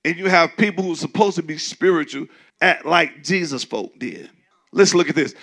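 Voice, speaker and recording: Raspy, bright-toned preacher man. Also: normal speed. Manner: conversational preaching, mimics skeptics in a high squeal. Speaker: pastor. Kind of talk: sermon.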